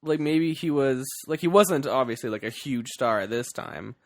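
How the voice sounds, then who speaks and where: A man co-hosting a casual movie review podcast, animated and giggly. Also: mid-range voice, normal speed, no echo, clean studio sound. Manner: animated, giggly, playful banter. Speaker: podcast co-host.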